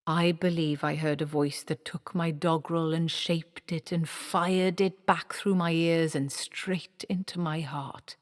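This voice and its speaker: A woman voicing an excitable male dwarf playwright, reading with urgent, breathless bursts in a long-reverb hall recording. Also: sits low, a little slow, few pauses. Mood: earnest.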